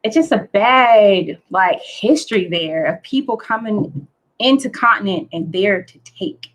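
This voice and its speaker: A woman, a guest, telling a story in a casual, excitable, chatty way with lots of fillers. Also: medium pitch, a little slow, low-quality recording. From United States.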